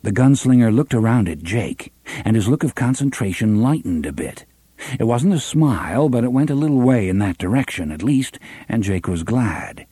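Man, audiobook narration, lively intonation, mellow husky voice, dry close sound. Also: medium pitch, moderate pace, dry recording. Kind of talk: scripted narration.

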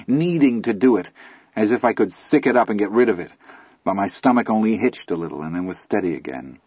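A man narrating a story in a measured, scripted storytelling manner. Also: on the low side, a little mellow, slightly rough, dry recording. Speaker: audiobook narrator. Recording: dull lo-fi audiobook recording.

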